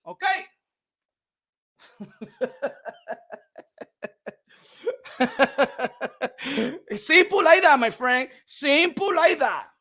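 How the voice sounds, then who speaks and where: A man with a high voice is ranting as he hosts a boxing livestream. He is fiery and loud, and he keeps switching between Spanish and English, hammering the same phrases again and again. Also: animated, drawn-out words, long pauses. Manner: repeats himself for emphasis. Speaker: boxing channel host. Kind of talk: livestream rant commentary.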